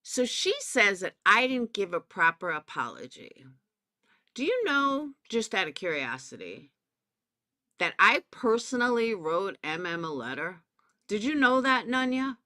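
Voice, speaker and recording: In a medium-pitched voice that's pushed and bright, a Southern woman rants a little slowly with big pitch swings. As a commentary YouTuber covering drama, she's profane and sarcastic and confronts people head-on.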